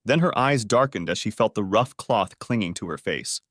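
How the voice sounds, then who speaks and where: A man reads a dramatic story aloud with a lively, rising-and-falling delivery. The recording is close and dry, with no room sound. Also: lowish voice, normal speed, dry recording. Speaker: audiobook narrator. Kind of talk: scripted narration.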